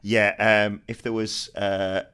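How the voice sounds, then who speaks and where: A man's voice: lowish voice, little pitch movement, slow, a bit bright, clean tone. A man playing a tabletop game, narrating his character's actions with amusement. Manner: amused, giggly. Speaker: player.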